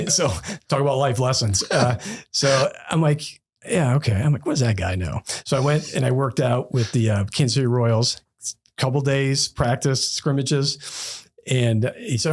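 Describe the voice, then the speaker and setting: A man in his fifties from Northeast Ohio, a bank executive guest on a podcast, telling stories from his life in a relaxed, conversational way with plenty of fillers, acting out the people he quotes. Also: medium pitch, moderate pace. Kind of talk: casual storytelling interview.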